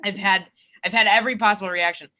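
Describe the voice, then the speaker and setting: Bright-voiced woman doing Zoom stand-up. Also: medium pitch. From Minnesota, USA. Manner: animated, self-mocking, with quick restarts. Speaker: comedian. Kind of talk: stand-up comedy set. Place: her bedroom. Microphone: video call.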